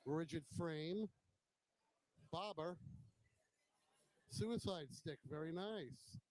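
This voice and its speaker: Guy walking a bike show with his camera, kinda high voice, chill and blunt, admiring every bike. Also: drawn-out words, darkish tone, dry recording, low-quality recording. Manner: casual, admiring, blunt with occasional swearing. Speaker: motovlog host. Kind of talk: walkaround commentary at a bike show.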